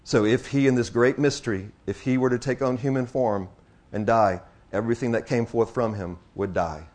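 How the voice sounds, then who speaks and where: A man preaching a sermon to his congregation, dropping to hushed, slow passages and building to loud, excited exclamations, repeating phrases for emphasis. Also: medium pitch.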